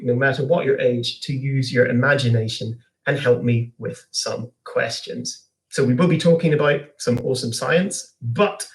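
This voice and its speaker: A man, a science communicator giving a live online lesson for young people, asking viewers to type their answers. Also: medium pitch.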